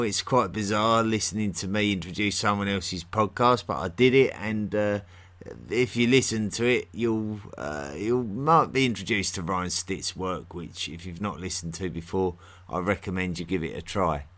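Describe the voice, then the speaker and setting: A man's voice: lowish voice, moderate pace, fairly bright tone. A man from near London with a London accent, hosting a podcast and chatting casually through listener mail with plenty of fillers and restarts. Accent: London English. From England, near London. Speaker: podcast host.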